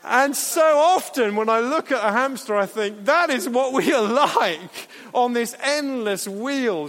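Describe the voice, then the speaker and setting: A man's voice: very high voice, lively intonation, measured pace, few pauses, fairly bright tone. A man preaching a sermon in an earnest, conversational way, with playful asides. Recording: echoey hall.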